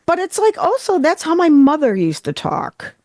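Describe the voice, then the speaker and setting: A woman from western New York hosting a podcast in casual chat, animated and slipping into voices as she tells stories. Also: high-pitched, normal speed, no echo, clean studio sound. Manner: animated, slips into voices when telling stories. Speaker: podcast host.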